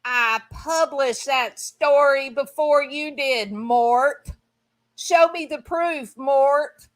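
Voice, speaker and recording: A woman putting on a menacing man who taunts a writer he says stole his story. He keeps hammering on the writer's name in a raised, pushy voice that sits higher than her usual talk. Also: very slow. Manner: taunting, repeats the name insistently.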